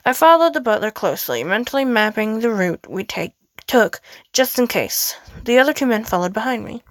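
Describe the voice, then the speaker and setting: A woman reading a first-person game story aloud, expressive, with casual asides. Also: fairly high pitch, moderate pace, no echo.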